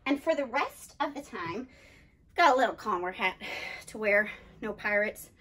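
A woman's voice: medium pitch, moderate pace. A woman leading a children's club, talking playfully to kids at home and telling them a story. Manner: lively and playful, addressing kids directly. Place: church setting, streamed to children at home.

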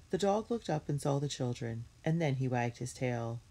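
A woman reading a children's storybook aloud in a steady, clear storytelling manner. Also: very deep voice, normal speed. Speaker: reader.

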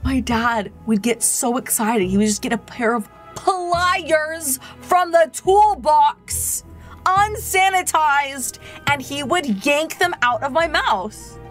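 A higher-voiced woman chats with her viewers over a game, taking her time and telling stories with animated energy. Soft music plays faintly underneath her voice. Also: slow pace. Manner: chatty, animated storyteller talking to chat. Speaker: game streamer. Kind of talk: casual gameplay chat.

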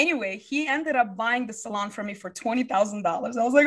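A woman in her thirties from the USA, a business founder telling her life story in an interview, animated and acting out what people said. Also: fairly high pitch, fast, hardly any pauses. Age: 30s.

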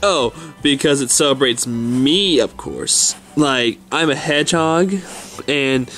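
A man's voice: mid-range voice, animated, takes it slowly, fairly bright tone, faint music behind. A man voicing a brash, lazy cartoon hedgehog who brags and talks in slang. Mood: insistent. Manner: slangy, boastful, dismissive. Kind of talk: toy stop-motion fan skit voice.

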